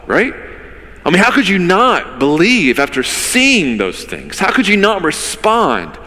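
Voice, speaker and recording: A man preaching a conversational sermon, his voice bright and forceful and a little high. He tells the story vividly and poses rhetorical questions to the congregation. A long reverb trails his words across a large church hall. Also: huge pitch swings, a little slow. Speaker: pastor.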